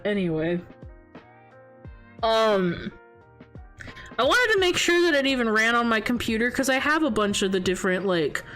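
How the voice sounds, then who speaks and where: A young woman streaming from home, chatting casually with her chat and telling animated stories with swearing and laughter, close to a desk mic. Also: medium pitch, rough recording.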